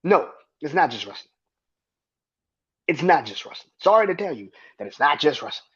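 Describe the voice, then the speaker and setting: Man, podcast host, fired-up swearing rant, lively swinging pitch, dull lo-fi recording. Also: normal speed, slightly rough. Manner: heated, profane, emphatic. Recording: dull lo-fi sound.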